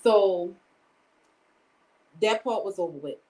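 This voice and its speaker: A woman's voice: medium pitch, slow, warm tone, reverberant, rough recording. A woman giving a candid personal testimony in a casual way. She retells each exchange by quoting it and often speaks of God. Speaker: storyteller sharing a personal testimony.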